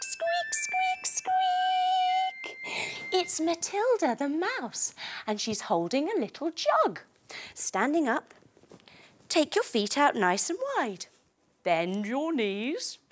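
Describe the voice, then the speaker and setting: A woman telling a story as a yoga teacher for children, playful and animated while she gives gentle instructions. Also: on the high side.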